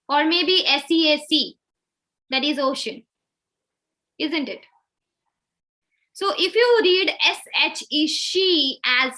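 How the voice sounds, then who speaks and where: Slow, bright-voiced woman trainer. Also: high-pitched. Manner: slow, deliberate, over-enunciates examples. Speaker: soft skills trainer. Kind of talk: live online class on pronunciation.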